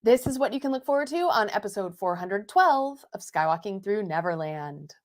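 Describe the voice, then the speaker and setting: A woman's voice: medium pitch, expressive, moderate pace. A woman co-hosting a live podcast, talking in a bubbly, giggly way with lots of "like" fillers. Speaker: podcast co-host. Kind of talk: casual live podcast chat. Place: home recording setup in Long Beach, California. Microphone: new podcast microphones.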